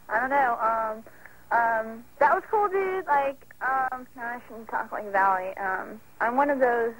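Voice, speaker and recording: A woman's voice: on the high side, a bit bright, breathy edge, rough recording. A woman leaving a rambling voicemail over the phone, full of fillers and laid-back slang. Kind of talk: rambling casual phone message. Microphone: phone line.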